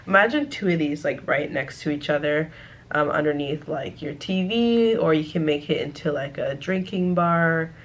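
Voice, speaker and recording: Chatty woman vlogger, slightly low voice. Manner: chatty, thinking aloud, lots of "like" and "um". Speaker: home decor vlogger. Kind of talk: casual chat.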